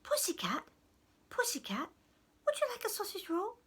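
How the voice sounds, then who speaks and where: A woman storyteller voicing a greedy big male goblin in a high, breathy half-whisper, coaxing and singsong. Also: wildly swooping pitch, normal speed, fairly bright tone, heavily acted. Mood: wheedling.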